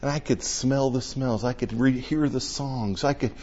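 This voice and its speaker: Older male preacher, chatty and emotional storyteller, mid-pitched, muffled lo-fi recording. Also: normal speed, darkish tone, husky. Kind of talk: conversational sermon.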